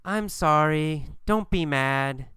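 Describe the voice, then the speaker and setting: Guy putting on a nervous hesitant young woman, all stammering uhs and stop-start words, bright crisp dry voice, no fuss. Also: a little high, no room sound. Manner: halting, stammering with many uhs.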